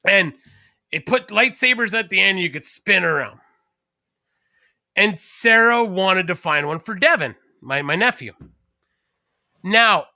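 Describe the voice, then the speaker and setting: A man co-hosting a podcast and chatting casually. He tells rambling stories full of restarts and throat-clearing. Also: sits high, sharp tone, no echo, studio quality. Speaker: podcast co-host. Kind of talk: casual chat.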